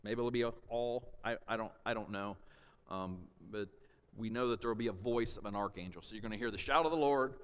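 A man teaching a sermon and reading scripture, pausing to check in with his listeners with "okay?" and "all right?" and rising to loud shouts for emphasis. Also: on the low side, smooth. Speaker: pastor. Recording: long hall reverb.

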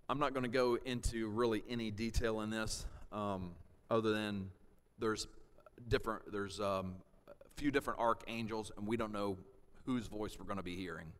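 A pastor with a fairly low voice preaches a sermon and reads scripture, checking in with listeners by asking "okay?" and "all right?" He rises to loud shouts for emphasis, and the recording has a long hall reverb.

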